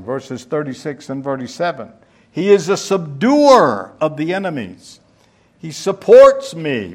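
Male preacher, unhurried delivery, teaching tone, asks the listeners questions. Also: fairly high pitch. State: out of breath. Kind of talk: sermon.

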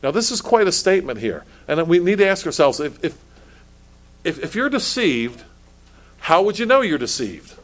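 A man's voice: on the high side, sing-song, normal speed. A male pastor preaching a sermon, asking pointed rhetorical questions and stumbling over restarts as he builds his points.

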